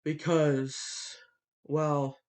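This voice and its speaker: Guy with a stuffy nose ranting, kinda high voice, talks slow, swears a lot. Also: little pitch movement, a little mellow. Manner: blunt, profane ranting with many fillers. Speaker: vlogger. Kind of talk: ranting monologue.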